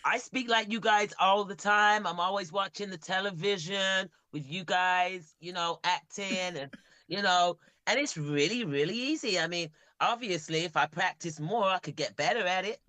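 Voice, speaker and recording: A British man talking in a casual podcast chat, teasing the host with dry banter. His voice sits high and sounds bright and crisp. The sound is close and dry, with no room in it. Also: normal speed, no room sound. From United Kingdom. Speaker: comedian guest.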